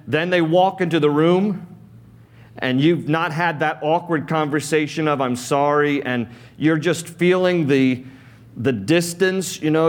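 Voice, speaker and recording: A pastor giving a sermon in a casual, conversational way, often repeating words as he builds his points. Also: mid-range voice.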